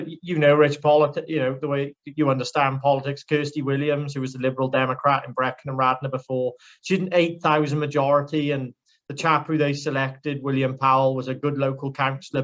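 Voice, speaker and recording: A man's voice: medium pitch, fairly even intonation, a little fast, muffled recording. A young man from Wales, a politician talking bluntly and at length in a casual interview, prone to little rants. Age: young adult. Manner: outspoken, ranting, blunt.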